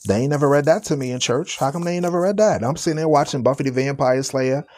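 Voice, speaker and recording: A man hosting a live stream of religious commentary, his voice sitting at a middle pitch. He talks emphatically and with open sarcasm, hammering home points with repeated rhetorical questions. When he reads scripture he slows right down. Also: a little mellow.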